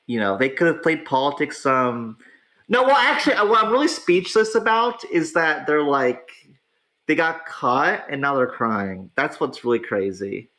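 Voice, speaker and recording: A man hosting a casual online talk show, reacting excitably to gaming politics with frequent laughs and drawn-out exclamations. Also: a little high, poor audio. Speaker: podcast host.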